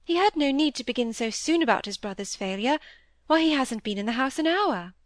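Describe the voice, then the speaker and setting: A woman voicing an earnest young girl, speaking eagerly with indignant warmth. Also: high-pitched, expressive, fairly quick, dry recording, clean studio sound, voice pushed up.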